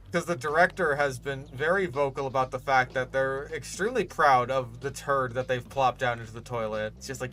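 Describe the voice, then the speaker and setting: Bright-voiced, sarcastic gaming YouTuber. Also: male voice, medium pitch, lively intonation, fairly quick, hardly any pauses, soft background music. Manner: profane, sarcastic and ranting, with many fillers. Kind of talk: casual ranting commentary while building a park in a game.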